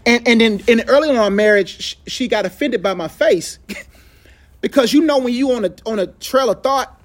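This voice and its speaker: High-voiced animated man in casual talk. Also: brisk. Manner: animated storyteller who acts out quotes, laughs often; loose conversational phrasing with many "like"s. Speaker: faith talk leader. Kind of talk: casual faith talk with a group.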